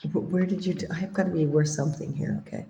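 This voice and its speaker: Teasing woman, gravelly dark voice, casual livestream chat, echoey room. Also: lowish voice, steady tone, quick pace, a little hiss or hum. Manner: playful, teasing. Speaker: co-host on a livestream. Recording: roomy echo.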